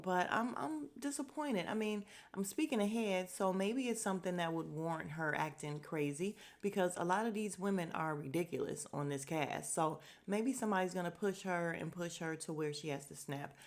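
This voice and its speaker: A woman hosting a podcast, giving a blunt, opinionated recap of a reality show, swearing freely and quickly acting out the cast's lines. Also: lowish voice. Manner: acts out cast members' lines in quick asides. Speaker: podcast host.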